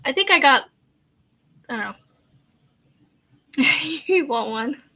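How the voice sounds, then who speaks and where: A woman's voice: sits high, lively intonation, slow, muffled recording. A woman, hosting a casual crochet live chat in a rambling, hesitant way with many fillers and sighs. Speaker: crochet channel host.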